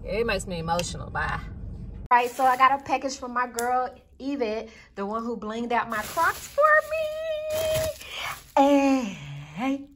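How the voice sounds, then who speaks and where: A woman's voice: on the high side, moderate pace, slight background noise. A woman vlogging casually and candidly, talking straight to her viewers and addressing them as y'all. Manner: animated, bursts into excited squeals. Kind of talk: casual vlog talk to viewers.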